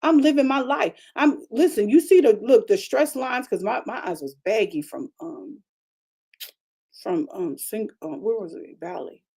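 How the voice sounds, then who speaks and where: A woman pastor preaching a conversational broadcast sermon, chatty and animated, repeating phrases and calling out to her congregation. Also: a little high, a little slow, gravelly, husky. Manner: chatty, repetitive, calls out to the congregation; animated preaching with frequent restarts.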